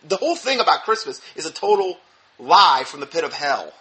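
Male preacher, emphatic sermon delivery, bright and a bit high-pitched, quick mumbled asides. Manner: emphatic, animated, with sudden drops to mumbled asides. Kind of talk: sermon-style teaching talk.

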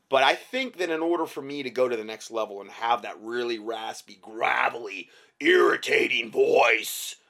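A male talk-show host with an ordinary, mid-pitched voice addresses his listeners in loose, rambling commentary. He leans on emphasis and often restarts his sentences mid-thought. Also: a bit bright. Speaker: podcast host.

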